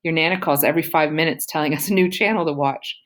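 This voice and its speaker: An affectionate middle-aged mother fusses and scolds, as a woman reads her. Her voice is low and plain. She belongs to an audiobook family. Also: fast, lightly acted.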